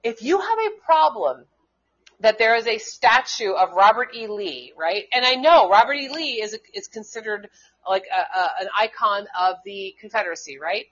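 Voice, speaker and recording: A woman's voice: mid-range voice, lively intonation, moderate pace. A woman co-hosting a casual political talk show, speaking heatedly and in a rambling way, with many restarts and curses. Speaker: co-host; schoolteacher. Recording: dull lo-fi internet radio sound.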